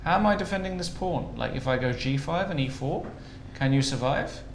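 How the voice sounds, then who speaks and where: A man's voice: on the high side, animated, fairly quick, vocal fry, roomy sound, a little hiss or hum. A man commentating live on a chess event, joking and thinking aloud over the moves.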